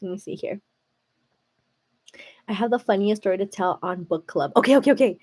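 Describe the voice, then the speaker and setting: Hosting a livestream, a young American woman keeps a casual conversation going with viewers and uses "like" and "girl" constantly. She speaks fairly quickly at a medium pitch, with a slightly mellow sound.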